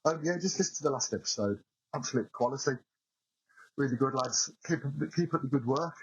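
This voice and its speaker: Sweary ex-soldier on a muffled voice note. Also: male voice, medium pitch, lively intonation, fairly quick, breathy edge. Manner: sweary, laughing barrack-room storytelling. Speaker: listener sending a voice note. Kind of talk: casual anecdote. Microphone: phone voice note.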